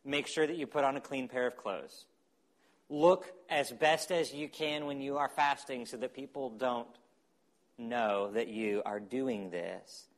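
A man preaching a sermon as pastor, animated, acting out quotes and dropping to quiet asides. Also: mid-range voice, measured pace.

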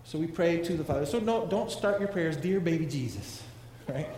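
A pastor delivers a sermon in a slightly high voice, talking to his congregation and throwing questions at them. His words ring through a large echoing room with a long reverb tail and a faint hum of ambience behind. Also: brisk, a little mellow. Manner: conversational preaching, asks the congregation questions. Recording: echoey hall with long reverb.

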